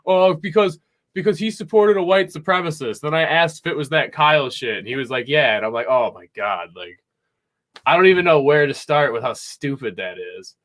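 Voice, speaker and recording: A young man hosting a podcast from a home music room, chatting casually in a rambling, excitable way and swearing a lot. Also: a little high, brisk. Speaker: podcast host. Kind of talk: casual chat.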